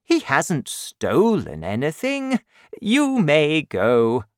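A storybook reader voicing a kindly, calm old male bishop who speaks gently and slowly. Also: medium pitch, no echo, studio quality, pitched above the performer's own voice. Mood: gentle.

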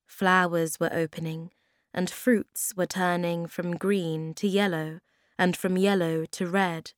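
A woman reading a children's story aloud at a slow, clear, even pace. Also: on the low side, dry recording, studio quality.

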